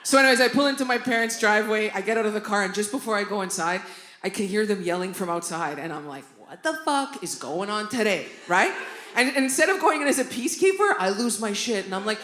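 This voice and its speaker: A woman's voice: medium pitch, quick pace. A woman performs a stand-up set live in a theatre, brash and profane, jumping into quoted voices as she tells her stories. The room is roomy and echoey, and a busy audience hum sits under her voice. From Canada. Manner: brash, profane, animated storytelling with acted-out quotes. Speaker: stand-up comedian.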